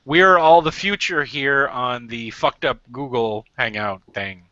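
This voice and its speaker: A man's voice: medium pitch, measured pace, bright, forceful tone, dry recording. A man hosting a casual group video chat, rambling and joking as he reads out viewer questions, on a slightly muffled call. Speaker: hangout host. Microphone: video call mic.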